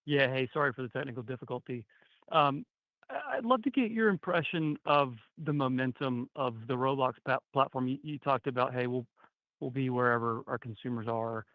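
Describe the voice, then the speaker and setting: A male analyst poses a long, winding question, restarting phrases often. His voice is mid-pitched. It comes through a muffled, dry phone connection. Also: a little fast, dry recording. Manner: rambling, many restarts. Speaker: financial analyst asking questions. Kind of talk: earnings call question.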